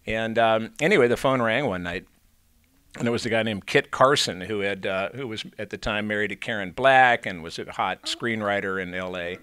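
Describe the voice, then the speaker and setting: A man's voice: fairly low pitch, moderate pace, a bit bright, clean tone, no room sound. A man from Illinois, an actor being interviewed, telling long anecdotes with many fillers and restarts. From Illinois, USA. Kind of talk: casual storytelling in an interview.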